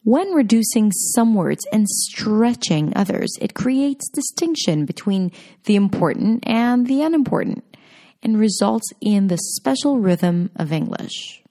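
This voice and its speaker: Woman, teacher, scripted lesson, slow careful delivery, warm mellow tone. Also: mid-range voice, big pitch swings. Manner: slow, clear, deliberate demonstrations. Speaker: pronunciation teacher.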